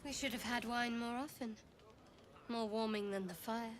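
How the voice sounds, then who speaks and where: An actress playing a relaxed companion by a campfire who speaks softly. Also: female voice, fairly high pitch, moderate pace, close to an everyday voice. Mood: content.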